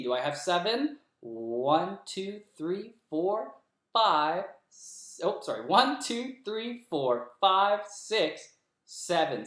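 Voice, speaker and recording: A young male kindergarten teacher giving a lesson from home, speaking slowly and clearly and counting along with the children. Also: mid-range voice, fairly bright tone. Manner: slow, clear, encouraging, counts and claps along. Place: room at home. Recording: echoey room.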